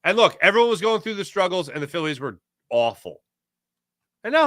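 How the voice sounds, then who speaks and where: A man's voice: on the high side, moderate pace, long pauses, dry recording, studio quality. A man hosting a casual sports talk show, reading viewer chat and telling stories in a chatty way with frequent laughs. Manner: animated, chatty, laughs often, storytelling.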